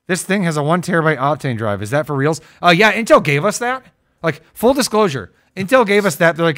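Male co-host, Ohio accent, higher-pitched, rambling comic energy, dry close mic. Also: fairly quick, dry recording. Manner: animated, rambling, jokey, voice jumps when excited. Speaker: co-host of tech stream. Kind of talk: casual livestream chat.

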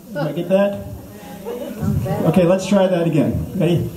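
A man's voice: high-pitched, lively intonation, normal speed, warm tone. Rambling man in an echoey room. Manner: rambling, self-interrupting, lots of okays. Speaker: comedic language teacher. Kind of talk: jokey mock language lesson. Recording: echoey room, distant mic.

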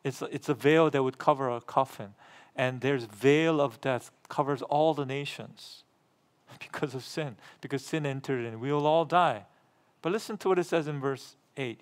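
A middle-aged pastor preaching a sermon, repeating phrases for emphasis and asking the congregation questions, rising in volume when he reads scripture. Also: normal speed. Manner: gets louder and higher when reading scripture aloud.

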